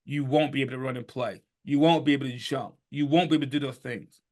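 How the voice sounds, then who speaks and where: A man in his fifties telling his life story on a podcast, animated and emphatic, sometimes rising to a shout. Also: mid-range voice, fast. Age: 50s. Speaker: podcast guest. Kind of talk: storytelling in conversation.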